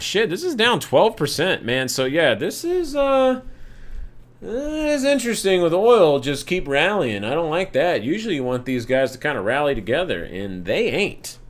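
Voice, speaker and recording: A young man hosting a live market analysis stream, talking casually through charts with loose, jokey, profane asides. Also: mid-range voice. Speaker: market analysis livestream host.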